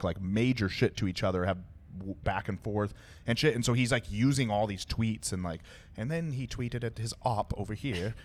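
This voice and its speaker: A man hosting a podcast, a comedian chatting casually in a rambling, profane way full of fillers. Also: fairly low pitch. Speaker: podcast host. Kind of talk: casual chat.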